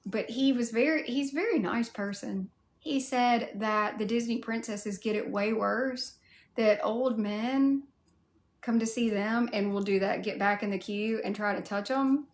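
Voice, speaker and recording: Southern woman livestreamer, gravelly and slow, higher pitch, candid chat host. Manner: chatty and candid, with mild swearing. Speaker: cosplay livestreamer. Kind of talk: casual livestream chat, answering viewer comments.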